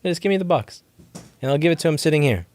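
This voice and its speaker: A man's voice: a little high, animated, quick pace, very noisy. A man hosting a casual live question-and-answer stream from his repair shop, talking animatedly, swearing and laughing often. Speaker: livestream host.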